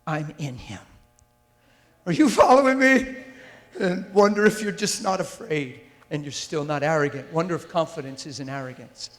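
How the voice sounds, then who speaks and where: Intense male preacher, fairly high voice. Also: lively intonation, moderate pace. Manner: intense and emphatic, with rhetorical questions to the audience. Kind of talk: sermon. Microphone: handheld or stand mic. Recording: long hall reverb.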